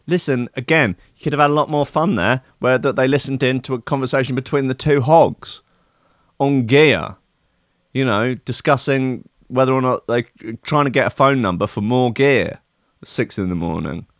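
A man's voice: mid-range voice, moderate pace, dry recording, clean studio sound. A man hosting a comic podcast, ranting sarcastically and profanely about news stories. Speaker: podcast host. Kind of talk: sweary comic news rant.

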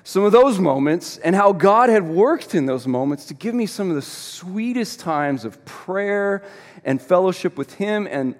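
A middle-aged man preaches to his congregation. He tells a personal story in an animated way, with dry, self-deprecating humor. His voice rings out with a long reverb, as in a large church hall. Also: sits high, measured pace. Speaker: pastor. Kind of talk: sermon.

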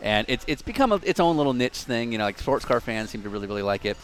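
A man's voice: mid-range voice, big pitch swings, quick pace, slight background noise. A man in his thirties hosting a podcast, rambling and self-deprecating in casual chat. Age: 30s. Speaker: podcast host.

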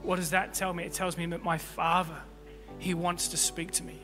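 A man preaching a sermon as pastor, impassioned, swinging between loud peaks and quiet low stretches. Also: flat delivery, normal speed. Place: church hall. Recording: long hall reverb with faint music.

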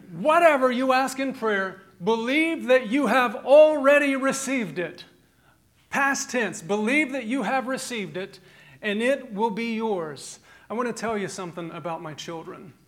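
A man in his thirties preaching a sermon, animated, rising to emphatic peaks and mixing in humorous stories about his family. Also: high-pitched. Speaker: pastor.

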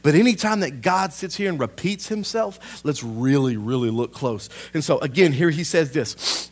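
Pastor preaching with fervor. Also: male voice, fairly high pitch, expressive, moderate pace, few pauses. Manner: impassioned preaching that swells loud, then drops to a hushed aside. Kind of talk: sermon.

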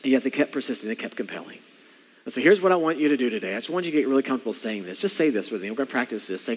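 A man's voice: medium pitch, lively intonation, very fast, husky. Emphatic male pastor in a reverberant hall. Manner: preachy, emphatic, with call-and-response. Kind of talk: sermon. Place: church sanctuary.

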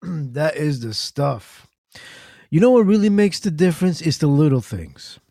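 A man hosting an internet radio talk show, chatting in a relaxed, conversational way. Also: a little high, unhurried, creaky, slight background noise. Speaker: podcast host. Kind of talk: casual talk show chat.

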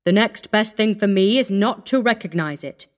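A woman's voice: mid-range voice, expressive, normal speed, lightly acted. A woman voicing a cool, sneering young male doctor with a dismissive, worldly manner.

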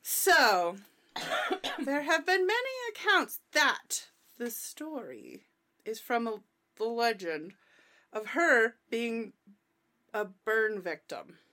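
A woman's voice: on the high side, sing-song, slow pace, pauses often, bright, forceful tone. A woman co-hosting a casual comedy podcast, giggling often and making bawdy jokes as she reads from notes and trips over her words. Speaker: podcast co-host.

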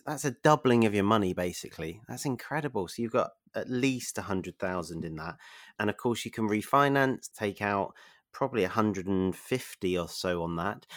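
Enthusiastic man, low voice. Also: no room sound, clean studio sound. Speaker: podcast host. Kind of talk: casual interview chat.

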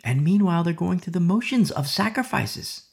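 Gravelly, emphatic male Bible teacher. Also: high-pitched, lively intonation, moderate pace, a little mellow. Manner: emphatic, repeats rhetorical questions, drops to whispers. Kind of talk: sermon-style Bible study.

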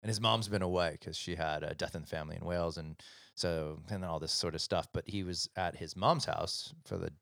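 A man's voice: deep voice, brisk, gravelly, a bit bright, no room sound, studio quality. A middle-aged man chatting casually and rambling through a family story, with plenty of fillers and acted-out dialogue. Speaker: divorced father sharing his story. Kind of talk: casual conversational chat.

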